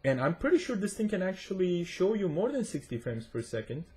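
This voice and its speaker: A man's voice: sits high, big pitch swings, brisk, a little mellow. A man with a self-described accent giving chatty, rambling commentary to his viewers while he plays and tests a game. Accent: non-native accent, self-described. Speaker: gaming tech reviewer. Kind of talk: casual gameplay commentary.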